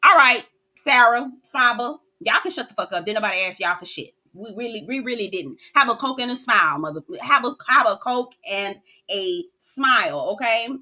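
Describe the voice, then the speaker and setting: A woman recapping a reality show in a sassy, animated way, cussing freely and calling her listeners "girl.". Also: a little high, moderate pace.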